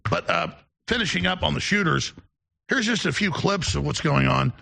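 Male host, bright and forceful, slightly high, rambling storyteller. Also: big pitch swings, normal speed, gravelly. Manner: rambling, digressive anecdotes. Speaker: show host. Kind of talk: casual on-air storytelling.

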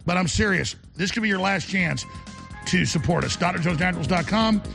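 Urgent talk show host, man, very gravelly, husky, high voice. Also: fairly quick, a bit bright, faint music behind. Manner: urgent, emphatic pitching. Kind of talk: talk radio broadcast.

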